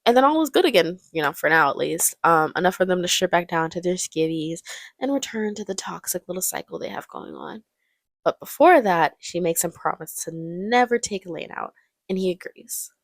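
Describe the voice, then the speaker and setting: A woman's voice: lowish voice, expressive, a little fast, no echo, studio quality. A young woman giving casual, joking movie commentary, laughing often.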